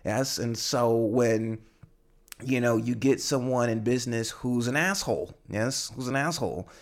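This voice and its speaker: A man's voice: mid-range voice, measured pace. A man hosting a podcast for English learners, explaining language in a rambling way with many fillers and tag questions. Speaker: podcast host and English teacher. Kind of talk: casual teaching monologue.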